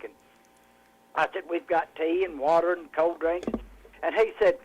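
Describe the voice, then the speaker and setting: A woman's voice: on the low side, steady tone, moderate pace, husky, rough recording. A woman with a Southern US accent calling in to a radio show, chatty and telling stories. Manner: chatty, storytelling. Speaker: caller. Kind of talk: casual chat on a radio call-in.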